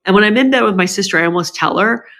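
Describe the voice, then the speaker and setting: A woman's voice: mid-range voice, rapid-fire. A woman being interviewed as a podcast guest, telling a personal story frankly and emotionally, with many restarts, and acting out what her family members said in a raised voice. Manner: animated, acts out quoted family members with a lifted voice.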